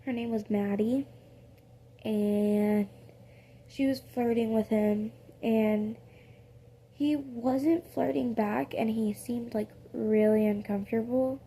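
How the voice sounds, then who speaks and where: A woman's voice: fairly high pitch, steady tone, slow pace, dark tone, a little hiss or hum. A woman improvising a casual second-person story, rambling with many fillers and corrections of herself.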